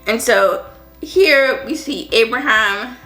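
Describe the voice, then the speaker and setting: Bright-voiced woman podcast host. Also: fairly high pitch, takes it slowly. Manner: earnest and reflective, with frequent restarts. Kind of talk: Bible reading with personal commentary. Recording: echoey room with faint music.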